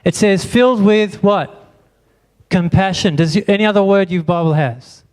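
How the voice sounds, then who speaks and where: Brief: male pastor, fairly high voice, preaching and quizzing the congregation in church. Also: normal speed, clean tone. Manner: asks the congregation many rhetorical questions. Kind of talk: sermon.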